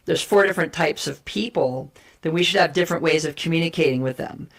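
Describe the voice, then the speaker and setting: A woman guest giving an energetic, persuasive talk on communication styles and acting out short role plays to make her points. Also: deep voice, fast, vocal fry. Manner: energetic, persuasive, emphatic teaching. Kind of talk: animated explanatory talk with role play.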